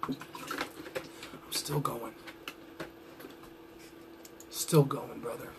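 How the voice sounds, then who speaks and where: A man's voice: mid-range voice, steady tone, drawn-out words, noisy background. A young adult man cutting a wrestling promo with boastful, trash-talking swagger.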